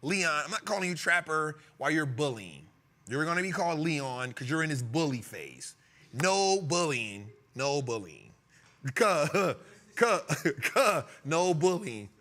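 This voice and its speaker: A man's voice: fairly high pitch, unhurried. A male host talking stocks in a loose, joking way, laughing and teasing his crew. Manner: animated, joking, laughing often. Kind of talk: comedic finance talk show.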